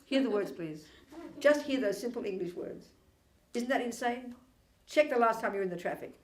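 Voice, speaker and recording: A woman giving a Buddhist teaching, animated, emphatic and ironic as she challenges her listeners. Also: fairly high pitch, moderate pace, slight background noise. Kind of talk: dharma teaching. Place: teaching hall. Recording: echoey room.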